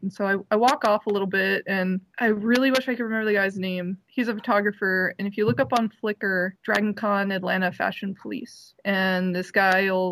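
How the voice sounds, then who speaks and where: A young woman in a relaxed chat, telling a long, lively story with lots of "like"s. When she quotes herself she jumps into high squeals. Her voice sits at an average pitch and sounds dry and close. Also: dry recording. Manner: animated, filler-heavy, squeals high when quoting herself.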